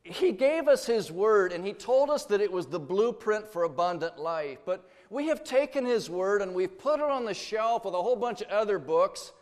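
A man preaching a sermon, emphatic, swinging between loud declarations and hushed asides. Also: sits high, expressive, moderate pace, hardly any pauses. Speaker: pastor. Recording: long hall reverb.

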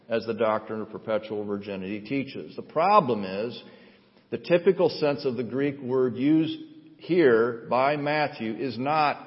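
A man delivers a sermon with measured, earnest phrasing and voice pitched in the middle range. His words ring out with a long hall reverb, and the sound is slightly dull. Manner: measured, earnest preaching with emphatic rises. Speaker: pastor. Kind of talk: sermon with scripture reading.

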